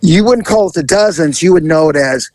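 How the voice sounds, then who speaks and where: A man's voice: on the high side, fairly quick, no room sound, low-quality recording. A man hosting a podcast, telling a comic police story with laughter and voice impressions. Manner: animated, laughing, mimics voices.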